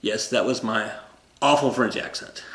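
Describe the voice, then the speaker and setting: A man's voice: mid-range voice, fairly bright tone. Rambling, jokey male history teacher. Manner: rambling, jokey, self-correcting. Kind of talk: casual recorded lesson. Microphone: camera. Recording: roomy echo.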